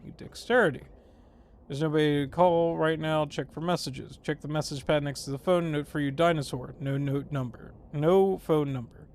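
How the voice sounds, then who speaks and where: A man's voice: a little high, fairly even intonation, moderate pace, darkish tone, slight background noise. Goofy man streaming a game. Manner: playful and goofy, laughs and swears. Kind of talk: casual gameplay commentary, reading game text aloud.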